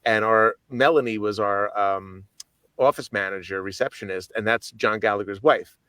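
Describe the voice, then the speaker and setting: Animated man telling a story, dry sound. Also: lowish voice, moderate pace, no room sound. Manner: animated storyteller, swears casually. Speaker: guest musician. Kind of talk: casual storytelling chat.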